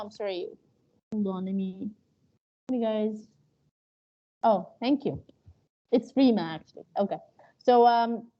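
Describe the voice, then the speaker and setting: A woman's voice: a little high, lo-fi sound. A woman teaching an interpreting class in a loose, spoken lecture style, with many fillers and restarts. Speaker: interpreting instructor. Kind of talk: live online training lecture.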